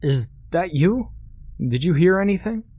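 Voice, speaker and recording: A man voicing a calm, cold male maintenance worker who speaks in flat, terse lines. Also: mid-range voice, slow pace. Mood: calling out.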